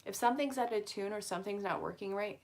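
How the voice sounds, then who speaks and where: A woman's voice: medium pitch, fast talker, darkish tone. Chatty woman with a Vermont-New York accent. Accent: Vermont accent blended with New York. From Vermont, USA. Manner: chatty, rambling, talks to viewers between cards. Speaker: angel card reader, host. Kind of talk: casual live card reading chat.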